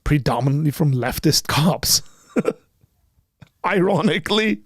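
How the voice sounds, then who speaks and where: A man's voice: on the high side, expressive, slow, no echo, clean studio sound. A man hosting a live call-in panel, talking conversationally and emphatically and telling a personal story. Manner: conversational and emphatic, rising sharply when heated; acts out both sides of remembered dialogue. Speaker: host of a call-in apologetics panel.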